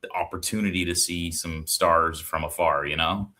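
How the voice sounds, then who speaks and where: A man co-hosting a casual livestream chat, relaxed and laughing often, with many fillers. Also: sits low, moderate pace. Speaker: co-host.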